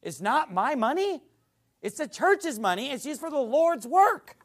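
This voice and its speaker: A man's voice: very high voice, very animated, measured pace. A male pastor preaching a sermon in a church, blunt and mocking.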